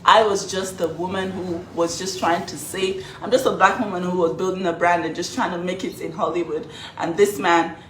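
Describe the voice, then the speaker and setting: A woman's voice: fairly low pitch, fairly even intonation, moderate pace, hardly any pauses, echoey room, low-quality recording. Emotional young woman, defiant. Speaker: woman telling her side of a breakup. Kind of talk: casual social media video.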